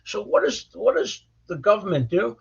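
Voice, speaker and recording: In this storytelling interview, an older criminal defense attorney speaks bluntly in a high, sing-song voice at a moderate pace, with vocal fry and some breathiness. He tends to repeat words when starting sentences, and the lo-fi recording sounds dull.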